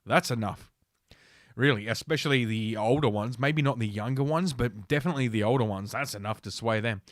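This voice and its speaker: A man in a podcast host's chair, reading news aloud and breaking off into sardonic, profane comments, tripping over words as he goes. His voice sits at an ordinary pitch and sounds close and dry, with no echo. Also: a little fast. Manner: sardonic, profane, reads articles with stumbles. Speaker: podcast host.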